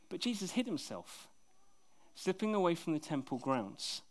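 A man preaching a sermon in a conversational, lively way and reading scripture aloud. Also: a little high, normal speed.

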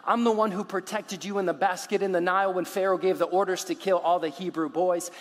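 A preacher putting on a booming, higher-voiced God. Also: male voice, animated, unhurried, big-room sound. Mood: reassuring. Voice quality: loud, raised and emphatic. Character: booming, reassuring male God, all-powerful.

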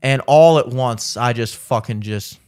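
A man telling a long story in casual chat, swearing often and acting out what others said. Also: measured pace. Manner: animated, profane, acts out quotes in a high voice.

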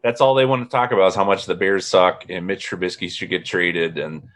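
A man's voice: low voice, steady tone, fairly quick, a bit bright. A man in his thirties from northern Indiana, hosting a casual chat and telling rambling stories with frequent laughs. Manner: rambling storyteller, laughs often. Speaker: podcast host.

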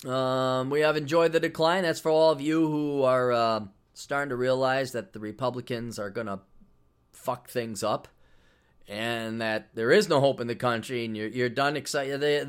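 A man's voice: mid-range voice, moderate pace, clear, resonant tone. Middle-aged male podcast host, brash and sarcastic, profane casual monologue. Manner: brash, sarcastic, profane, plugging his own books.

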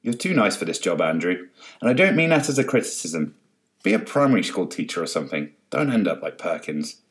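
A man playing a calmly unhinged executive. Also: low-pitched, brisk. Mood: serene. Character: middle-aged male executive, calmly unhinged and defiant.

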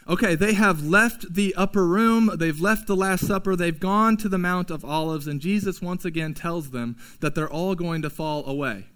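High-voiced pastor preaching casually. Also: male voice, moderate pace, few pauses, a bit bright. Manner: casual, conversational preaching with slangy asides. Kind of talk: sermon.

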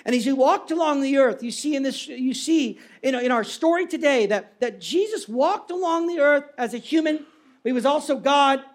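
High-voiced preacher telling a dramatic story. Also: male voice, expressive, moderate pace. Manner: dramatic storytelling with swings between loud and hushed. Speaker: pastor. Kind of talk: sermon.

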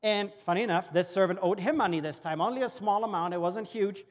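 A man's voice: high-pitched, fast. A man from Germany preaching a sermon in a church, telling a parable earnestly and acting out its dialogue. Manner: storytelling with acted-out dialogue, earnest. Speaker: pastor. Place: church auditorium. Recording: long reverb of a church hall.

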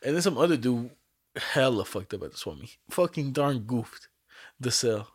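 A young man in casual chat, telling a story in an animated, profane way and acting out what people said. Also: mid-range voice, normal speed, breathy edge, dry recording, studio quality. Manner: animated, profane storytelling full of acted quotes.

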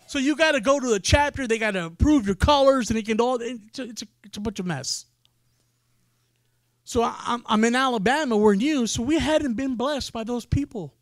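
A man preaching, telling a story in an animated way and acting out the people in it. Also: extremely high pitch, moderate pace, no echo, studio quality. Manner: animated storyteller, acts out quoted voices. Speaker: pastor. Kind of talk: sermon storytelling.

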